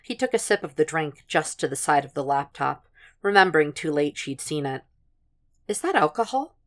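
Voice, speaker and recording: A woman narrating a fan fiction audiobook in an even, steady storytelling voice. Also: low voice, brisk. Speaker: podfic reader.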